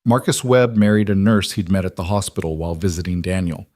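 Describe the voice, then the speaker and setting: A man reading a scripted story aloud in an even, measured way. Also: sits low. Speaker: narrator.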